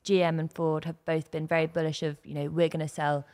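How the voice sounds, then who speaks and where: A chatty woman with a slightly low voice, co-hosting a relaxed chat around a kitchen table. She talks freely and laughs at herself now and then. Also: a little fast. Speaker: co-host. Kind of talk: casual chat.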